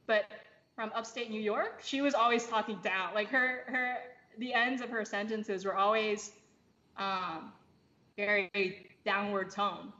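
A woman's voice: on the high side, measured pace, sharp tone. A woman guest on a podcast, explaining things in a casual, thoughtful way with many fillers and restarts. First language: English. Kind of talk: casual chat. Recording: slightly dull lo-fi audio with faint noise.

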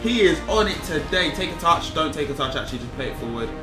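A young man commentating his own football video game, animated and easily exasperated, full of slang. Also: fairly high pitch, quick pace. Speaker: gaming YouTuber. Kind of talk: excitable gameplay commentary. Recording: roomy sound with game music. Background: video game music and sound.

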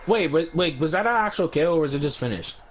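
A man's voice: a little high, expressive, highs cut off. A man in a casual online game session, his voice rising and falling a lot as he snaps at teammates and cheers big plays. He curses freely and bickers constantly. A faint hum of noise sits under his mic. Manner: bickering, cursing, quick to snap. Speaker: gamer friend. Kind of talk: casual gaming chat.

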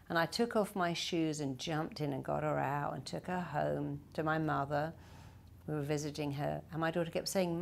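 A woman's voice: lowish voice, vocal fry. An older woman giving a direct-to-camera self-help talk, acting out quoted voices in short bursts. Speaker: therapist and self-help speaker.

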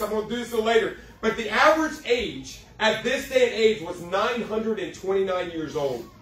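A man preaches to a youth group in a folksy, joking way, slowing down to stress each point. His voice sits high, and it rings in an echoey hall, heard from a little away from the mic. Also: a bit bright, recorded from a distance. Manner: folksy, joking, preaching with dramatic slow emphasis. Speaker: youth pastor. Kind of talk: sermon.

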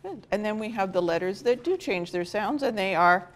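A woman's voice: mid-range voice, lively intonation, normal speed, a loud crowd. A woman teacher leading a classroom phonics lesson, praising the students and giving instructions. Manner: encouraging, directing the class.

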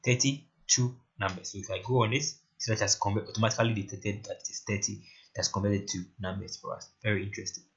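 A man talking through a screen-recorded coding tutorial in a casual way, often asking "right?" while he works. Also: fairly low pitch. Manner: casual, repeats "right?" and "very interesting". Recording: lo-fi muffled mic. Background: keyboard typing and clicks.

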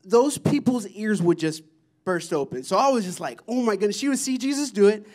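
At a church service, a man with a notably high voice shares testimonies from a mission trip at a moderate pace. His storytelling is excited and animated, and he often breaks into laughter.

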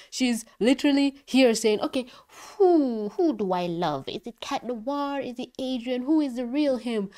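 A woman giving an excitable, casual review of a cartoon episode, swearing freely. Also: mid-range voice. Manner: excitable, swearing, laughing often. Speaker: show reviewer.

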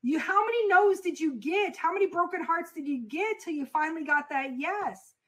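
High-pitched woman teaching sales, blunt and repetitive, hammers her points home. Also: animated, moderate pace, a bit bright. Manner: direct, repetitive, emphatic. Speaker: freight broker sales coach. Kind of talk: motivational sales lesson.

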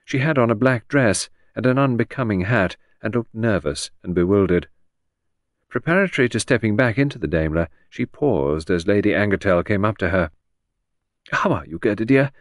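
A man's voice: on the low side, expressive, normal speed, no room sound, studio quality. A man reading a classic detective novel aloud as an audiobook narrator, giving the characters' lines small shifts of voice. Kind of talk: scripted narration.

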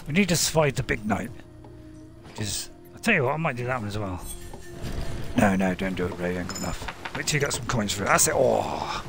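A man's voice: medium pitch, gravelly. A man giving casual, jokey commentary on his own gameplay, talking to himself and cheering on his units. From Britain. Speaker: gaming video host. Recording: game music behind the voice. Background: game music.

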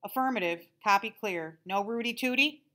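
A woman's voice: mid-range voice, moderate pace, bright, forceful tone, pitched above the performer's own voice, close to an everyday voice. A woman voicing a chatty male drive-in intercom voice with slangy radio-talk lingo. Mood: breezy.

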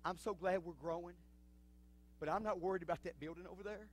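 A male pastor preaching a sermon in a church, swinging from low, quiet talk to fervent shouting. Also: a little fast. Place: church sanctuary.

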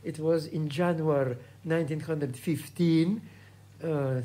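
A man in his eighties from Russia, speaking English with a Russian accent, recalling his past at home in a halting way full of hesitations. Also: on the high side, steady tone, mellow. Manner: halting, many hesitations and restarts. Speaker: composer being interviewed. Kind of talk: reminiscing interview.

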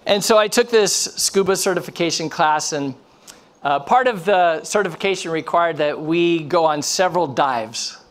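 A man preaching a sermon, telling a story with animation, acting out the people in it and dropping to a hush at times. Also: a little high, moderate pace. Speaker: pastor. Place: church.

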